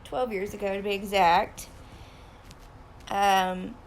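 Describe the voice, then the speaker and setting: A woman in her thirties talking straight to her viewers in a personal vlog, hesitant and full of pauses, close to tears. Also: mid-range voice, level tone. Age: 30s. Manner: hesitant, many ums, fighting back tears. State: emotional, close to crying. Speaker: vlogger.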